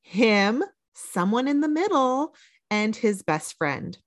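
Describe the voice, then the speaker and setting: A woman co-hosting a podcast in casual chat, animated and eager to cut in. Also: a little high, slow. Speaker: podcast co-host.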